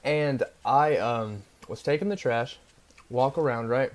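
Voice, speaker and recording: On his vlog, a young man with a medium-pitched voice tells a rambling story in an unhurried, casual way. He leans heavily on fillers and keeps asking "right?", and there's a bit of hiss or hum.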